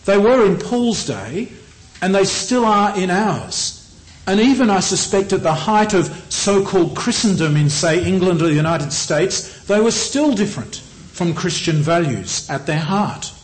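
A middle-aged man with an Australian accent preaching a sermon in a measured, earnest way, often slowing down on key phrases. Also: sits high, lively intonation, low-quality recording.

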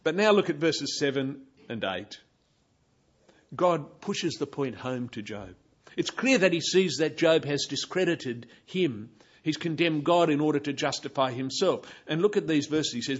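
A man's voice: a little high, animated, a little slow, slightly rough, highs cut off. A man giving a Bible teaching, explaining passages and pointing his listeners to verse after verse.

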